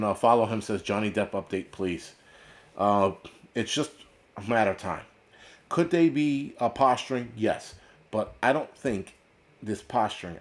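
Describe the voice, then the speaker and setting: A middle-aged American man hosting a prepper channel, ranting bluntly in a casual, profane livestream style with lots of restarts. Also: on the low side. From United States. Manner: blunt, swearing, repetitive restarts.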